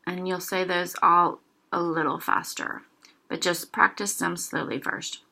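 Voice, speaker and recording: Slow, careful woman teaching pronunciation. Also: on the low side, fairly even intonation, gravelly, sharp tone. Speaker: language teacher. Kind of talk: casual language lesson.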